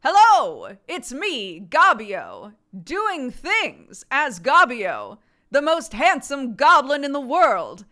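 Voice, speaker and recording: A preening goblin who thinks he is the most handsome creature alive, put on by a woman. He speaks loudly and stretches out his words with theatrical self-admiration. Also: sits high, huge pitch swings, voice pushed up, full character voice. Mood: boastful. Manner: loud, drawn-out, self-admiring delivery. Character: vain male goblin, boastful and theatrical.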